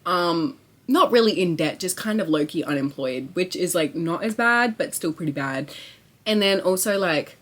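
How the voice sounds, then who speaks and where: Excitable young woman vlogger. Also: fairly low pitch, normal speed. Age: young adult. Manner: excitable, swearing, rambling with lots of likes. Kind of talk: casual chat to camera.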